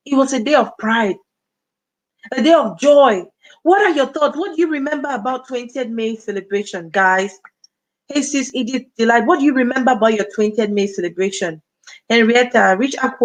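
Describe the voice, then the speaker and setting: Cameroonian woman, 30s, livestream host, chatty and direct with viewers, slightly high voice. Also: low-quality recording. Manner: chatty, addresses viewers directly and reads out comments. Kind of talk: casual livestream chat.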